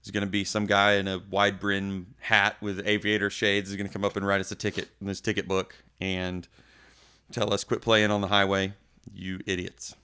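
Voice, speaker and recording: A lowish, smooth, resonant male voice with a bright, forceful edge. He is a podcast guest spinning a tour anecdote in casual chat, animated and playing the people in his tale. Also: moderate pace. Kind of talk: casual storytelling.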